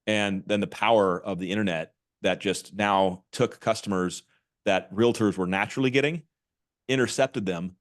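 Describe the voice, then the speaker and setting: Middle-aged male guest, low voice, lively and restless delivery with many restarts. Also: moderate pace. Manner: animated, restarts often with repeated words. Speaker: podcast guest, author and marketing executive. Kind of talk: casual interview talk.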